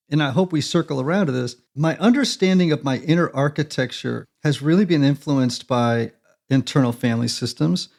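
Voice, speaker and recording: A man's voice: fairly high pitch, darkish tone. A man speaking as a guest on a conversational interview podcast, earnest and reflective, with emphatic stretches.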